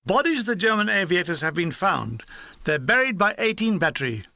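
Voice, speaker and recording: A man's voice: high voice, sing-song, brisk, creaky, sharp tone, no echo. Dry, wry man reading his memoir. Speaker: author narrating his war memoir. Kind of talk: audiobook reading.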